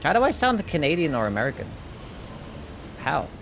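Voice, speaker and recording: A man's voice: a little high, huge pitch swings, normal speed, background noise. A young Australian man with an Australian accent, giving casual gameplay commentary, laid-back and swearing freely as he answers chat. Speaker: game streamer.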